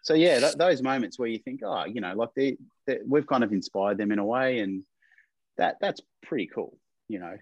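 A man's voice: medium pitch, animated, normal speed, a little mellow, no echo, dull audio. A man, a distillery owner, chatting casually and rambling a little with fillers. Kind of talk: casual chat.

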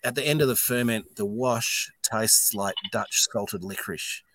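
A fairly low voice, a little slow and free of echo, comes from a middle-aged Australian distillery owner. Guesting on a casual podcast interview, he swears and speaks bluntly while animatedly telling stories.

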